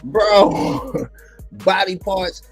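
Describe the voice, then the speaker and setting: A man's voice: high voice, drawn-out words, faint music behind. A man in casual chat, talking in a laid-back, slangy way with lots of "man" fillers. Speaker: podcast co-host. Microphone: livestream mic.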